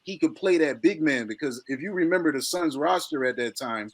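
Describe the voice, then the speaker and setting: Slightly high-voiced eager sports fan host. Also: male voice, expressive, fairly quick, slight background noise. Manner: eager fan, rambling questions. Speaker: podcast host. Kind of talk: casual sports chat.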